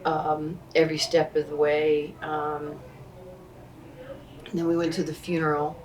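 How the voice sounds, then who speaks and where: A woman's voice: deep voice, completely flat delivery, unhurried, darkish tone, distant mic, a little hiss or hum. A woman interview guest telling stories in conversation and acting out the people she quotes. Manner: acts out quoted dialogue in the stories. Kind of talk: conversational storytelling.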